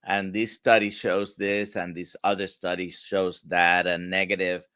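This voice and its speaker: A man with a Spanish accent hosting a livestream interview, talking in halting bits and repeating words. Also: low voice, level tone, bright, forceful tone, a little hiss or hum. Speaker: host.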